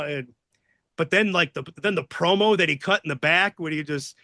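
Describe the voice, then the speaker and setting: A man telling profane, excitable wrestling stories in a casual interview, acting out the shouts of people in them. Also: fairly high pitch, moderate pace, dry recording, studio quality. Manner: profane, excitable storyteller acting out others' voices.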